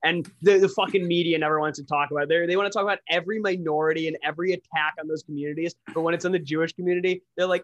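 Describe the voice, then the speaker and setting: A man's voice: a little high, fairly even intonation, racing, hardly any pauses, a bit bright, lo-fi sound. A man co-hosting a podcast in casual chat, ranting bluntly and swearing freely. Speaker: podcast co-host.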